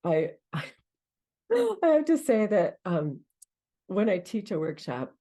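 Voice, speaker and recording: Meditation teacher lady, laughs a lot, talks slow with lots of ups and downs. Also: medium pitch, wildly swooping pitch. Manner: warm, laughs often, gasps with delight. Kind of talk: group sharing after a meditation.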